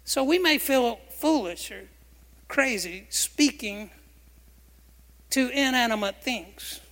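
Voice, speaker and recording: Pastor, male, bright, forceful voice, emphatic sermon with call-and-response, long hall reverb. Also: very high-pitched. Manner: emphatic, asks the congregation questions and has them repeat phrases. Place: church sanctuary.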